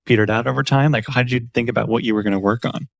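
Fast-talking gravelly male host. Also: mid-range voice, steady tone, a bit bright, no room sound. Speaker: podcast host. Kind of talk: interview question.

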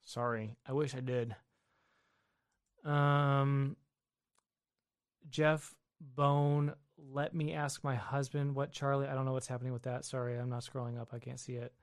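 An adult man with a wife and kids takes chat questions on his casual basement livestream, reading each aloud before answering offhandedly. His mid-range voice stays level and unhurried, recorded dry with clean studio clarity.

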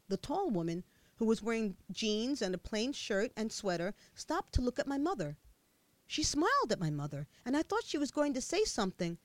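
A woman narrating a first-person memoir as an expressive audiobook reader with a childlike viewpoint. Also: medium pitch, dry recording.

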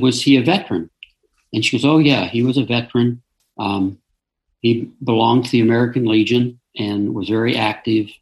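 A middle-aged man, an interview guest, telling a personal story in an earnest, halting way with frequent restarts. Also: medium pitch, creaky, low-quality recording.

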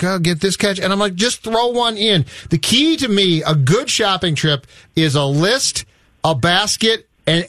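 A man's voice: high voice, fairly bright tone, dry recording. A man talking in a casual, blunt and emphatic way on a radio show. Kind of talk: casual chat.

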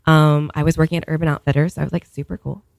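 A woman's voice: low-pitched, level tone, rapid-fire, creaky, a little mellow, dry recording. A woman in her thirties from Virginia, telling a long funny story in a chatty way, full of fillers. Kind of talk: casual comedic storytelling.

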